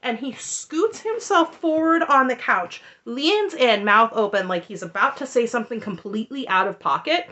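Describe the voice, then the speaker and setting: A woman's voice: fairly high pitch, lively intonation, moderate pace, few pauses, pushed and bright. A woman recapping a reality show in casual commentary, sarcastic and exasperated. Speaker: recap vlogger.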